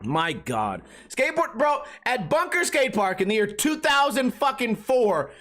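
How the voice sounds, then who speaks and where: Solo podcast host, man in his thirties, animated mocking comic rant. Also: very high-pitched, moderate pace. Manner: animated, mocking, puts on voices of others, swears freely.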